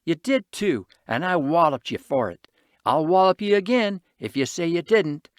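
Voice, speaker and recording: An energetic little city orphan boy, his voice pitched high and bouncing all over the place, as a male narrator puts him on. He talks fast street slang and brags and scolds his pal. It is a dry, close storybook reading. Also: smooth, no room sound, lightly acted. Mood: excited, boastful. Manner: excited, slangy street talk.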